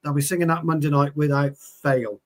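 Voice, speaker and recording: A man's voice: on the high side, brisk. A man hosting a casual football podcast, joking and bantering with his co-hosts. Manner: jokey, lively, chanting along. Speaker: podcast host.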